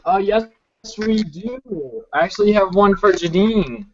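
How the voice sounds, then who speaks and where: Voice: medium pitch, a little slow, darkish tone, muffled recording. A co-host reading viewer questions on a casual online call and nudging the guests to answer. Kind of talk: casual chat.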